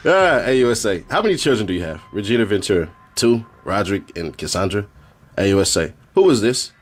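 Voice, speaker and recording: A man's voice: on the low side, brisk, breathy edge. A man streaming, reading a court transcript aloud in a casual way and breaking off for joking asides. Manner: reads flatly, then breaks off for joking asides and laughs.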